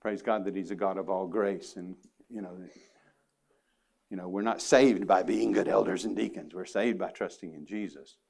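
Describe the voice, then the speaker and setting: A man's voice: sits low, fairly even intonation, moderate pace, gravelly, a little mellow, breathy edge. A man preaching a sermon to his congregation, earnest and emphatic, with casual asides. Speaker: pastor. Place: church sanctuary.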